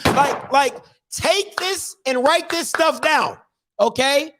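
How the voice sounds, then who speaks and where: Against a noisy background, a man with an extremely high-pitched voice speaks slowly as he hosts a podcast. He rants emphatically and opinionatedly in casual slang, restarting lines and asking rhetorical questions over and over.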